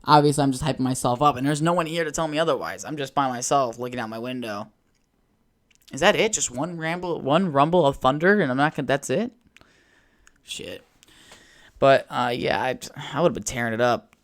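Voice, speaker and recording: A man's voice: medium pitch, a little fast, a bit bright. A young man hosting a solo podcast from home, telling a rambling, swear-heavy story in a casual chat. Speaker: podcast host. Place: at home by a window.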